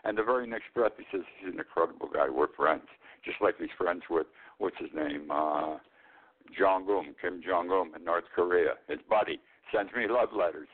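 A man's voice: low voice, moderate pace. A man in his eighties, an older host giving a blunt, rambling monologue of political commentary. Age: 80s. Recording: tinny phone-like line.

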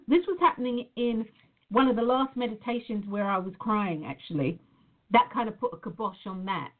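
A woman with a fairly high voice speaks earnestly and reflectively, calling her viewers "guys" in a casual spiritual talk. The sound is tinny and narrow, as if carried over a phone line. She comes across as a reflexologist from Nevada. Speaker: reflexologist sharing a personal reflection.

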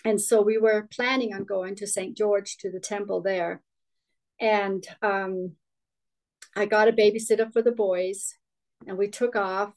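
A woman's voice: mid-range voice, steady tone, a little slow, darkish tone, poor audio. A middle-aged woman from Denmark, a guest telling her life story in an interview, candid and rambling with restarts. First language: Danish.

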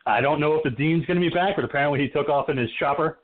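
A man's voice: a little high, racing. A man hosting a podcast, chatting casually about horror films and laughing often. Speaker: podcast host. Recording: phone-like call audio.

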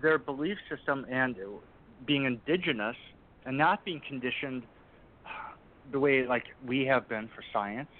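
A man's voice: mid-range voice, measured pace, a little hiss or hum. A man as a guest in a casual interview chat, speaking emphatically and pressing pointed questions again and again. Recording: tinny phone-like line.

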